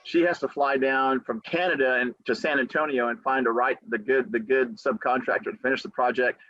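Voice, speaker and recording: A man in the role of a real estate attorney, talking on a podcast and giving motivational advice. He tells stories with animation, acts out what people say, and repeats key phrases for emphasis. His voice is mid-pitched, dry and close, with slightly dull, lo-fi audio. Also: brisk, no echo. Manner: animated storyteller who acts out quotes.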